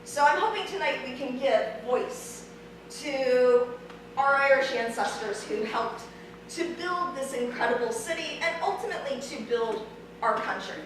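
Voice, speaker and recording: A woman's voice: high voice, expressive, a little slow. A woman from Ohio giving a friendly, conversational history lecture with many ums. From Ohio, USA. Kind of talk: public lecture. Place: large church hall. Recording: very echoey hall, distant mic, faint noise.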